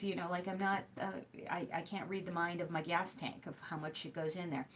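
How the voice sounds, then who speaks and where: A woman's voice: on the low side, fairly even intonation, a little fast, slight background noise. A middle-aged woman hosts a live hooping show, chatting straight to her viewers. She rambles through her stories with plenty of fillers, restarts and asides. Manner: rambling storytelling with many fillers. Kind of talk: casual chat to a live stream.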